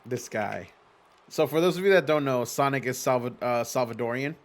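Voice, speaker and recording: Animated man chatting on a livestream. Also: mid-range voice, moderate pace. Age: adult with young children. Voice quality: animated, swears casually, laughs easily. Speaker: streamer hosting a simulated wrestling league. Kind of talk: casual livestream chat, reading viewer messages aloud. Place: home streaming setup with a green screen.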